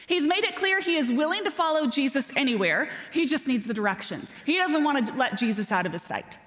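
A woman preaches a sermon in a fairly high voice, animated and self-deprecating as she tells stories. Her voice rings out with a long reverb, as in a large hall. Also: moderate pace.

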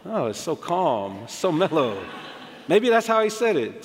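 Male pastor, sermon delivery, lively and expressive, slightly high pitch, long church-hall reverb. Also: unhurried, a little hiss or hum. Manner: animated storytelling, acts out quotes, rising emphasis.

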